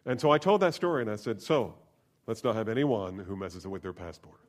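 Delivering a sermon briskly and with great animation, a pastor with a lower voice recounts a personal story. His delivery swings from quiet, whispered asides to loud, forceful preaching.

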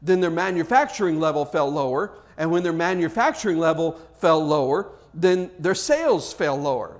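Male preacher with a high voice; fervent, emphatic sermon delivery with frequent restarts.

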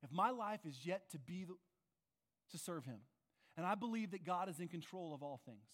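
A man's voice: high voice, lively intonation, normal speed, a bit bright. A man preaching a sermon as pastor, earnest and conversational, often asking his listeners questions. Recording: long reverb of a large hall.

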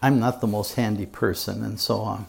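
A male pastor preaching a sermon in church to his congregation, earnest and emphatic, with dramatic pauses. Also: fairly low pitch, fairly even intonation, vocal fry, darkish tone, slightly rough.

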